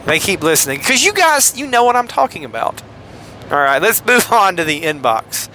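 A man's voice: high voice, sing-song, moderate pace, bright, forceful tone, slight background noise. A man hosting a solo podcast from a car, talking in a rambling, jokey way full of asides. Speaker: podcast host.

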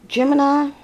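A woman giving a casual tarot reading, talking bluntly and with exasperation, swearing as she addresses the viewer directly. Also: sits high. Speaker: tarot card reader.

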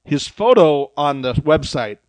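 A man's voice: fairly high pitch, big pitch swings, a little slow, no echo, poor audio. A man co-hosting a casual podcast, chatty and gossipy, often acting out what others say. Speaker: podcast co-host. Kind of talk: casual chat about reality TV.

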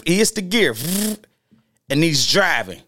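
A man telling stories from his past in a casual, slang-heavy way, animated and jumping into the voices of the people in them. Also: a little high, unhurried, no echo, studio quality. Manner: animated, acts out quoted voices, loose slang-heavy talk with restarts. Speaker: storyteller host. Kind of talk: casual street storytelling.

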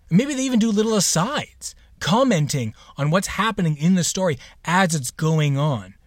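A man's voice: medium pitch, expressive, unhurried, no room sound. Playful, sarcastic podcast host, man. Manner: playful and sarcastic, with jokey asides. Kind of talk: casual podcast introduction.

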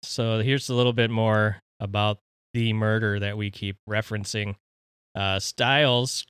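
A man's voice: lowish voice, fairly even intonation, unhurried, a bit bright, clear, resonant tone, no echo. A man from Minnesota co-hosting a podcast, chatting in an easygoing, dry way. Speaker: podcast co-host. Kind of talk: casual chat.

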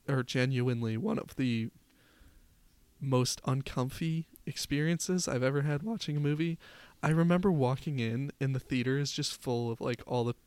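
Smooth-voiced young man telling stories. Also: mid-range voice, dry recording. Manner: laughs through his stories, playful. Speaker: podcast co-host. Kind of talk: casual storytelling chat.

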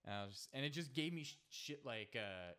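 A man's voice: medium pitch, lively intonation, fairly quick, fairly bright tone, smooth. A man hosting a podcast, telling a rambling story with many fillers and casual swearing. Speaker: podcast host. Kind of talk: casual conversation.

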